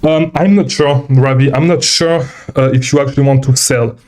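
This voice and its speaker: A man's voice: medium pitch, steady tone, normal speed, darkish tone. A man hosting a casual live Q&A as a seller coach, short of breath and rambling, tagging many lines with "okay?". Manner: rambling, repeats okay, reads viewer questions. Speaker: livestream host and seller coach. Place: traveling, indoors.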